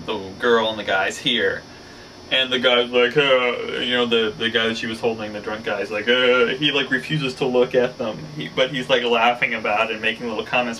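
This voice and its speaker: A man's voice: medium pitch, sharp tone, slight background noise. A man hosting his own show, telling a story casually, rambling with lots of fillers. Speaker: show host. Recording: slightly distant mic, faint ambience.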